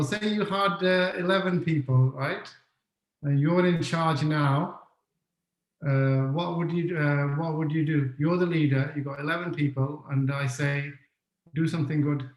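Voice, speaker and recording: A man's voice: fairly high pitch, reverberant, poor audio. A man giving an online talk on leadership who keeps asking the audience questions and repeats his key points. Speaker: webinar speaker on leadership. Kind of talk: interactive online lecture.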